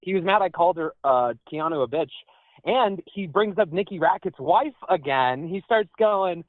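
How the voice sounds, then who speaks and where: A high-voiced man calls in over a tinny phone line and tells his story. His voice swings up and down a lot as he goes. The sound is dry and close. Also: moderate pace, no echo. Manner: animated, high-pitched, jumps up when quoting himself. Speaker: phone-in caller.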